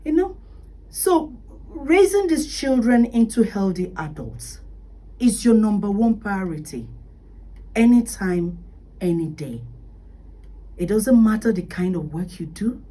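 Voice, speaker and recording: A woman's voice: mid-range voice, lively intonation, unhurried, warm tone, breathy edge, recorded from a distance, poor audio. A woman with a Nigerian accent hosting a radio advice talk on parenting, speaking emphatically with rhetorical questions and sometimes dropping into a whisper. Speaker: radio talk show host.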